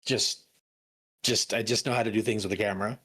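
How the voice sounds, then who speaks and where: A young adult man co-hosts a stream, rambling casually through stories with many restarts and bursts of laughter. His lowish voice is steady, brisk, a bit bright, and slightly rough.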